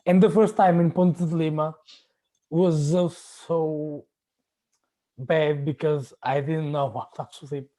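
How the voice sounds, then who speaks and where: A man hosting a casual chat, telling personal stories haltingly, often searching for words and restarting. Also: on the high side, fairly even intonation, dark tone, low-quality recording. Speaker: podcast host.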